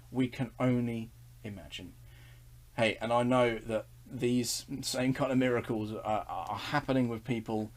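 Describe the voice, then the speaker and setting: Earnest man leading a Bible study. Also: mid-range voice. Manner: earnest and enthusiastic, with frequent restarts and chuckles. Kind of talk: casual online Bible study talk.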